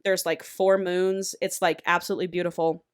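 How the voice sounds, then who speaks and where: A woman's voice: lowish voice, little pitch movement, brisk, clear, resonant tone, no room sound, studio quality. A woman co-hosting a podcast, casually retelling a book's plot and acting out its lines, with plenty of swearing and "like". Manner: swears freely, says "like" often. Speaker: podcast co-host. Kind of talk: casual book recap chat.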